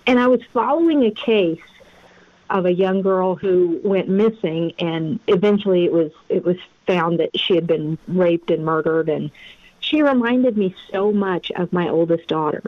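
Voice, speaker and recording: A woman's voice: lowish voice, normal speed, no room sound. Woman guest, earnest storyteller, phone-line sound, dry. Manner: earnest, storytelling, faith-driven. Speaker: private investigator and podcast guest. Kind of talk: conversational interview over a remote line. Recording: tinny phone-line audio.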